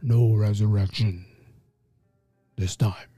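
A man doing an impression of a deep, menacing male alien warlord, speaking slowly in low, half-whispered threats. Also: steady tone, mellow, husky, no echo, studio quality, faint music behind.

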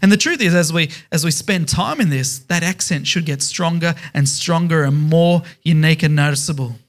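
A man's voice: fairly high pitch, moderate pace. A man preaching a sermon as pastor, emphatic, stressing words in repeated lists.

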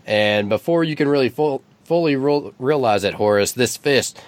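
A man's voice: medium pitch, expressive, normal speed. A man narrating a tabletop game as game master, rambling and often correcting himself.

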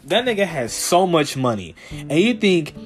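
A man's voice: a little high, moderate pace, faint music behind. A young man hosting a podcast, ranting comedically with heavy swearing and mocking voices. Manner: animated, swearing, mock-quoting people in a raised voice. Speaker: podcast host. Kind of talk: profane comedic rant.

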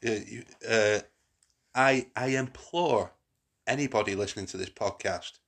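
A man's voice: lowish voice, measured pace, a bit bright. A man hosting a casual podcast chat, rambling with frequent restarts and fillers. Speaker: podcast host.

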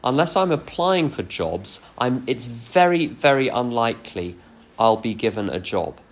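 Man, mid-pitched, workshop speaker sharing self-deprecating stories; frank, unpolished delivery. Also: animated, unhurried. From England. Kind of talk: workshop talk with personal anecdotes.

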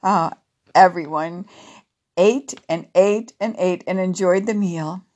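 A woman narrating a children's story in a gentle, expressive way. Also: fairly low pitch, slow, dull audio.

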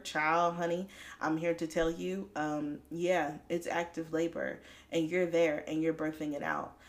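Lively woman giving a faith pep talk. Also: fairly low pitch. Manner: lively, preachy, laughs often, talks straight to listeners. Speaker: podcast host. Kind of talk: faith-based motivational talk.

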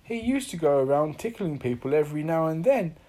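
A woman's voice: sits low, animated, fairly quick, warm tone. A woman voicing a gloomy, weary little man in a storybook reading. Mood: glum. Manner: weary, mournful. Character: glum gloomy man, normally cheerful.

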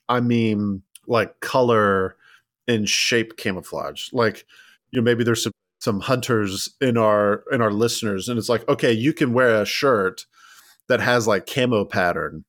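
The co-host's medium-pitched voice has a fairly bright tone, captured in studio quality with no echo. On this laid-back history podcast he rambles, restarts, leans on "like," and laughs at ironic moments.

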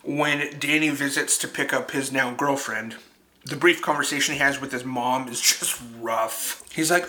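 A young man chatting casually through a film review, animated and quick to laugh at himself. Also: medium pitch.

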